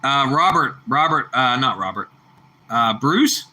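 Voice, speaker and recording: Bright, chatty livestream guy. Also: medium pitch, expressive, a little slow. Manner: chatty, repeats himself, calls viewers bro and bucko; laughs a lot. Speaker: livestream host reading chat. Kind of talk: casual livestream chat.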